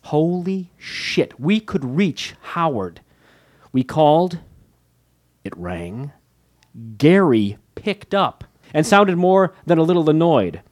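A man narrates his own memoir as an audiobook, full of wry, candid, self-mocking humor with light laughs between phrases. His voice is mid-range with a darkish tone.

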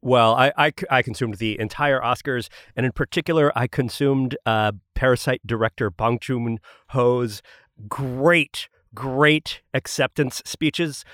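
A man's voice: mid-range voice, a little slow, fairly bright tone, no room sound, clean studio sound. A man on a podcast panel making an earnest, analytical argument. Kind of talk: casual chat.

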